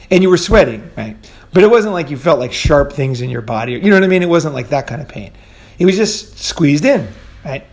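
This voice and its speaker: A man's voice: fairly high pitch, creaky. A man hosting a show, telling stories in a loose, rambling way with lots of fillers, casual swearing and laughs at his own tales. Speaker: podcast host. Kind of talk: casual storytelling monologue.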